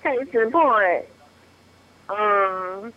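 A man's voice: high voice, drawn-out words. A man voicing a brash, sassy woman who gives blunt advice in a bossy, scolding way. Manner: bossy, scolding, talks over people. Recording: tinny phone line.

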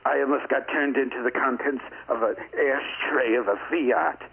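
A man's voice: medium pitch, moderate pace, breathy edge, narrow, tinny audio. A man voicing an indignant elderly woman who leaves an angry, complaining voicemail over the phone. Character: outraged elderly woman caller. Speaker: voicemail caller.

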